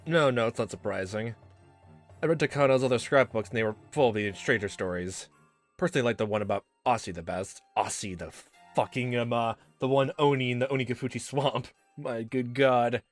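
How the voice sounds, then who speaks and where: A man's voice: medium pitch, brisk, soft background music. Exasperated laughing man reacting to a game. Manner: exasperated, laughs often, swears, trails off with fillers. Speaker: let's play commentator. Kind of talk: casual reaction commentary.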